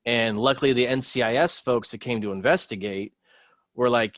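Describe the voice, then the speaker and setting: A man, a former Marine, telling a war story in casual podcast chat, rambling with many pauses and swearing freely. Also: on the low side, a bit bright, no room sound.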